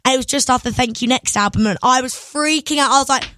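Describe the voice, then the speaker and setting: A young woman, a singer, telling stories in an excitable, giggly way as a radio guest. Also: high voice, fast talker, no room sound. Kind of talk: casual interview chat. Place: radio studio.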